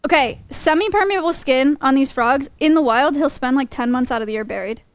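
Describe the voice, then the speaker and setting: A woman's voice: sits high, a little fast. A woman acting as an animal educator, explaining frog facts in a patient, informative way with dry humor. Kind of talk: casual explanatory chat.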